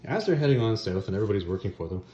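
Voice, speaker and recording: A man with a fairly low, mellow voice that swings widely in pitch as he retells a comic story in a casual, slangy way. He throws in offhand asides. The sound is roomy and a little dull. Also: sing-song, very fast, a little hiss or hum. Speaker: comic book reviewer.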